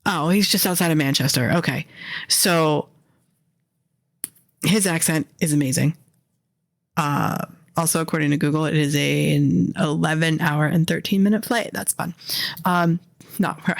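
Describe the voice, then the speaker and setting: American woman host, casual profane rant, slight fry in the voice, dry close sound, mid pitch. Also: no echo. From American, Philadelphia area. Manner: profane, animated, self-interrupting. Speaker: indie author and podcast host. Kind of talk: casual ranting monologue.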